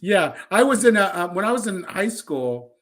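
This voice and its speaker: A man's voice: high voice, very animated, normal speed, fairly bright tone. A man co-hosting a podcast, telling stories in a thoughtful, loose conversational way. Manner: thoughtful, loose storytelling with fillers. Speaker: podcast co-host.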